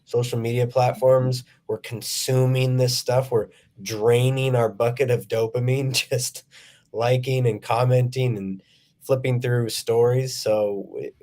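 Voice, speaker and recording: A man who works as a fitness trainer, talking in a relaxed, conversational way as a podcast guest. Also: medium pitch, unhurried. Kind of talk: casual chat.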